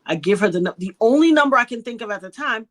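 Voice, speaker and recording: Her pitch is a little high and her tone fairly bright, and she talks fast and expressively. She's a middle-aged woman from New York, an interview guest recounting an emotional personal experience while performing the voices of those involved.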